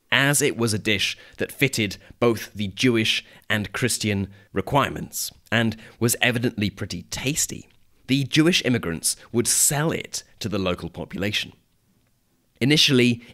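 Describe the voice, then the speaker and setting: A British man hosting an educational podcast, reading a scripted story in a clear, measured way for learners. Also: lowish voice, fairly bright tone. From Britain. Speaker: podcast host.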